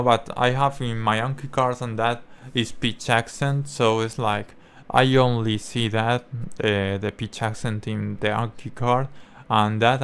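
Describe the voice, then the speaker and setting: A young man whose first language is Spanish, explaining language learning in halting English full of fillers and restarts. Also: on the low side, clean tone. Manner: halting, many fillers and restarts, non-native phrasing. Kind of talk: casual explanatory talk.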